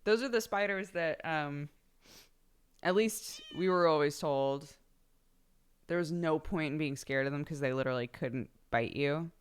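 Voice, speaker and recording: A woman's voice: sits low, a little slow, smooth. A young woman chatting casually on a live stream, laughing often and swearing offhandedly.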